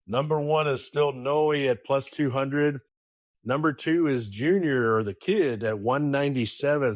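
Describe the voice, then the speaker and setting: A man co-hosting a poker podcast in casual chat, telling stories in an animated way and swearing freely. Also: mid-range voice, no room sound. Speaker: podcast co-host.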